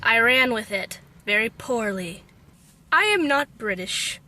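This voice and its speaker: A woman's voice: a little high, animated, unhurried, pushed and bright. A young woman from Texas with an American accent, telling a self-deprecating story in a vlog. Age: young adult. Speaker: vlogger.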